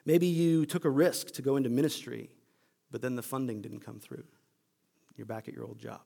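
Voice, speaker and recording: A man pastor giving a conversational sermon, telling the story in an animated way. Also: medium pitch, moderate pace, gravelly.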